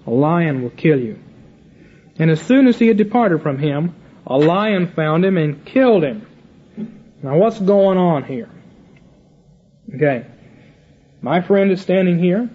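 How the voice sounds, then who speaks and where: This high-pitched, husky voice belongs to an older man teaching from the Bible. He paraphrases the scripture loosely and performs each character's lines on his own, captured in a muffled, lo-fi recording.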